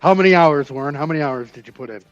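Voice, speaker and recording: A man's voice: a little high, racing, dry recording, muffled recording. A man co-hosting a casual live-stream chat, laughing often and greeting guests.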